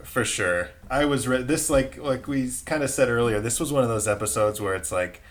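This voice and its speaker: A man co-hosts in loose, casual talk. He hedges and circles his points with constant "like" and sounds puzzled. His voice sits at a mid pitch. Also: normal speed. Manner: puzzled, hedging with lots of "like". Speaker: podcast co-host. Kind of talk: casual chat.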